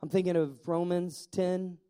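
A man preaching a sermon as pastor, telling Bible stories in an animated way with acted-out voices. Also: sits high, measured pace, clear, resonant tone.

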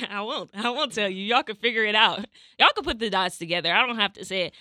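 A young adult Californian woman with a medium-pitched voice talks at a quick pace while hosting a podcast. Telling a personal story casually, she animatedly acts out the dialogue, recorded in clean studio sound with no room sound.

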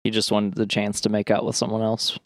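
A man's voice: lowish voice, completely flat delivery, a little fast, no echo, studio quality. A man co-hosting a casual film chat, reacting and musing aloud. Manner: short reactions, offhand musing. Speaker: podcast co-host.

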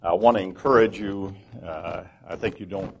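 A man in his sixties, a guest preacher giving a humorous sermon to a congregation in the folksy, halting style of a storyteller. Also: low voice, creaky, slight background noise. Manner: folksy storyteller, many ums and restarts. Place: church with a full congregation.

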